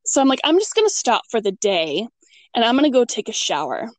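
Animated woman telling a spooky story. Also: brisk, no echo. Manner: animated, acts out quotes with big pitch jumps and laughs. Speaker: guest telling a ghost story. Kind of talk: casual storytelling chat.

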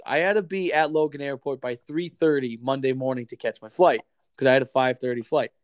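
A man's voice: mid-range voice, dry recording. Guy telling a rambling story, swears a lot, dry close sound, mid voice. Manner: profane, animated storyteller. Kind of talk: casual storytelling chat.

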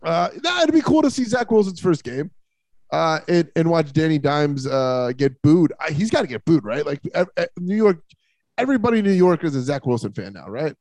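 High, gravelly-voiced sports talker. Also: male voice, sing-song, brisk, dry recording. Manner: loud, rambling, mocking storyteller. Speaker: co-host. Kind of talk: casual sports talk.

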